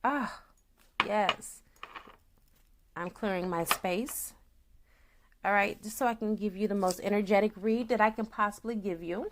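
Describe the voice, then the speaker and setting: A woman reading tarot for her viewers, a naturopath who talks in an excitable, chatty way straight to the audience and slips into a solemn tone for invocations. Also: mid-range voice, unhurried, pauses often. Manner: solemn invocation voice when calling spirits.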